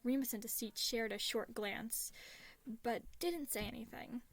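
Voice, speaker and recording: A woman reading a fan story aloud in steady narration, sometimes dropping to a soft whisper. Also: on the high side, a little slow. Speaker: fan fiction reader.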